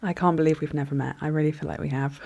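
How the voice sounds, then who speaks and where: A woman in her thirties speaks as an interview guest in a low voice. She thinks out loud and pauses often to find her words. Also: steady tone, gravelly, highs cut off. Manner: thoughtful, reflective, with frequent hesitations. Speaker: author and journalist guest. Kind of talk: conversational interview.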